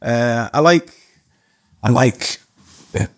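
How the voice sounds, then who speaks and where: An older man, an actor guest, telling a story casually in a halting way, with restarts and the odd casual swear. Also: mid-range voice.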